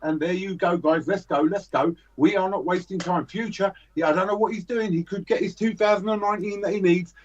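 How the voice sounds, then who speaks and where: A man's voice: high voice, slight background noise. Man auctioneering on a charity livestream. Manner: fast auctioneer patter, joking. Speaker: livestream host. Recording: dull lo-fi stream audio.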